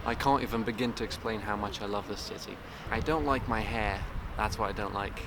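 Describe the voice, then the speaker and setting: A man's voice: lowish voice, fairly even intonation, fairly quick. A young man, not a native English speaker, chatting wryly and rambling as he vlogs while walking outdoors. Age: young adult. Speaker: vlogger. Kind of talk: walking vlog. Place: outdoors on city streets. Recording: loud street noise outdoors. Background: loud traffic and street noise.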